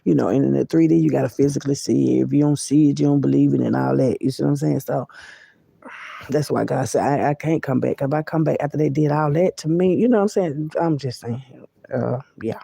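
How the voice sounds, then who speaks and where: A woman vlogger talking loosely to her viewers about spiritual matters, in a gravelly, husky voice with a mellow, warm tone. She is folksy and familiar, calling listeners baby and y'all, and keeps insisting she's serious. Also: rumbling low, a little fast, no echo. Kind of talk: casual spiritual talk to viewers.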